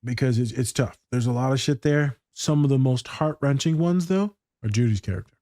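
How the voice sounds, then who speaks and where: A man's dark, mellow, medium-pitched voice talks a little fast in a slangy, profane, storytelling way as he reacts to a TV scene. He is a podcast co-host and school therapist who wanders into tales from his own life. The recording is close and dry, with almost no room sound.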